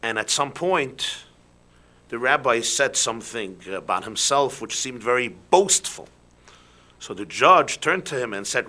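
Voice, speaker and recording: A man, a rabbi, giving a sermon with animated rhetorical questions that drop into soft emphasis. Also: medium pitch, measured pace.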